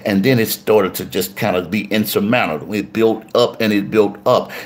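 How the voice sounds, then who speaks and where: Preaching man, low voice, repeats himself. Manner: preaching with repetition and call-outs to listeners. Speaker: pastor. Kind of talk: sermon.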